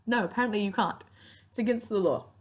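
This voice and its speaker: A young woman reviews a TV series in a quick, medium-pitched voice, rambling casually and gushing with plenty of fillers. She sounds tired and yawns as she chats.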